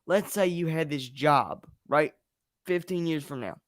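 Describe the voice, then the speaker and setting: A man's voice: fairly high pitch, measured pace, no echo, studio quality. A young man hosting a wrestling review show, speaking frankly and with blunt emphasis as he vents and shares opinions. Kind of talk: casual chat.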